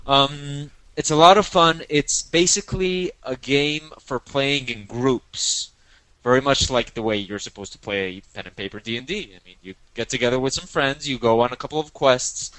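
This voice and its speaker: A man's voice: medium pitch, moderate pace, a bit bright, no echo, low-quality recording. A man co-hosting a podcast in casual chat, playful and teasing, often repeating himself. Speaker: podcast co-host.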